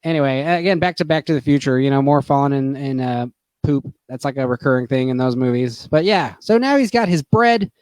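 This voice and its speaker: A man's voice: medium pitch, animated, a little fast, darkish tone, no room sound. A young man casually recapping a movie on a stream, rambling and profane with lots of fillers. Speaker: podcast host.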